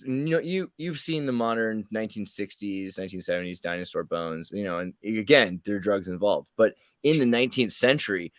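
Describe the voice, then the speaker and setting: A man's voice: lowish voice, no echo. A man telling rambling, jokey stories in casual chat, putting on mock voices for the people he quotes.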